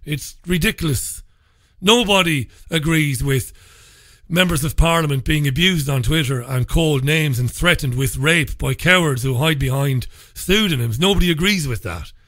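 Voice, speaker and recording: A man's voice: a little high, normal speed, fairly bright tone, dry recording. A man from England, hosting a talk radio show from a studio and speaking in an opinionated, conversational way. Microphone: studio microphone.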